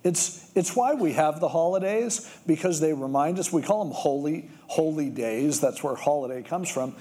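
Lively storytelling man preaching, mellow voice. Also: on the high side, normal speed. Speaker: pastor. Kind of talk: sermon.

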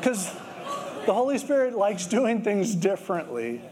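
A man preaches in an easygoing, conversational sermon voice that sits a little high for a man. He drifts into stories and explains scripture as if chatting with the congregation. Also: a little slow. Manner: conversational storytelling, with lively acted quotes. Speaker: pastor.

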